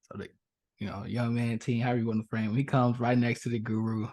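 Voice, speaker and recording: A young man from Chicago's South Side, a podcast guest, telling a story casually and acting out the characters' voices. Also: fast talker. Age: young adult. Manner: animated, acts out voices in his stories with big pitch jumps.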